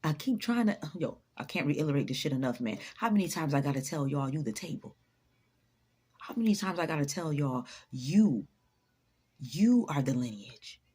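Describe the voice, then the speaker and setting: A woman's voice: deep voice, expressive, normal speed, a little mellow, breathy edge. A woman giving an emphatic, profanity-laced motivational talk, repeating her points for emphasis. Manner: emphatic, preachy, swears freely; repeats lines for emphasis, laughs often. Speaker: motivational vlogger.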